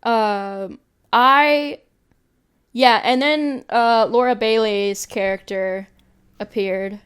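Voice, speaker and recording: A woman's voice: fairly high pitch, drawn-out words, clean tone. A woman co-hosting a podcast in casual chat, rambling and laughing often. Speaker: podcast co-host.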